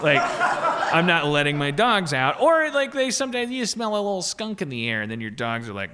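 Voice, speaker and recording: A man's voice: fairly high pitch, very animated, normal speed, bright, forceful tone. A man hosting a comedy podcast, telling a rambling story with lots of restarts and swearing. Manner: rambling, restarts a lot, swears freely, acts out voices. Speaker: podcast host. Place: podcast stage with live audience.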